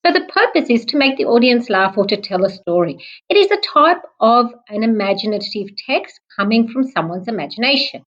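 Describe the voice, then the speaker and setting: Lively-voiced woman teaching young children. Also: fairly high pitch, dull audio. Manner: clear, slow, patient explaining, clapping out syllables. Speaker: primary school teacher. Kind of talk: recorded online lesson for young children.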